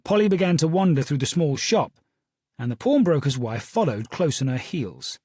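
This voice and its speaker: Husky-voiced male audiobook narrator. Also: fairly high pitch, moderate pace, dry recording, clean studio sound. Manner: steady, storytelling delivery. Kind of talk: first-person audiobook narration.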